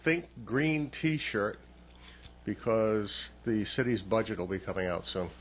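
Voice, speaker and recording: A male panelist chatting casually on a radio show in a low-key way. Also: lively intonation, slow, a bit bright, a little hiss or hum.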